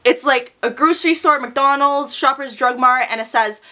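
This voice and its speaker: A young woman telling a storytime vlog in an animated, profane, dramatic way. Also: high-pitched, normal speed. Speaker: vlogger.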